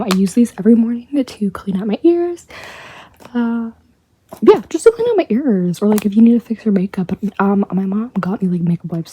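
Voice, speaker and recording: Whispering young woman, chatty and mellow. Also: medium pitch, a little hiss or hum. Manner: hushed whisper, chatty and rambling, with frequent swearing. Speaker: vlogger. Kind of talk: whispered haul vlog. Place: bedroom at home.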